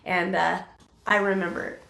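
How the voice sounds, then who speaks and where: A middle-aged woman telling her personal testimony in an interview, halting, with many fillers and restarts. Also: on the low side, flat delivery, gravelly, a bit bright, roomy sound, a little hiss or hum.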